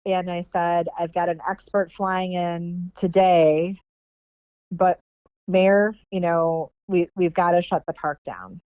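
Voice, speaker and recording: Middle-aged woman, podcast guest, animated storyteller, close dry mic. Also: fairly low pitch, takes it slowly, smooth, dry recording. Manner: animated storyteller acting out quoted people. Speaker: podcast guest, former animal control director. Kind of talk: storytelling in a casual interview.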